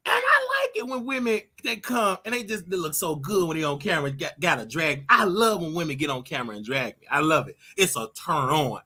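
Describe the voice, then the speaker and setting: A man's voice: fairly high pitch, big pitch swings, normal speed, sharp tone, slightly rough. A man ranting casually on a livestream in a flamboyant, sing-song way, with sudden yelps and laughter. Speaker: online preacher commentator.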